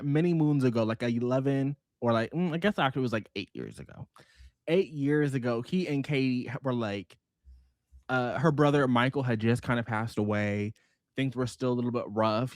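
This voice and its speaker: A man recapping a book in a casual vlog, telling it with animated, profane storytelling and quick bursts of quoted voices. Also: mid-range voice, dry recording, clean studio sound. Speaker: book vlogger.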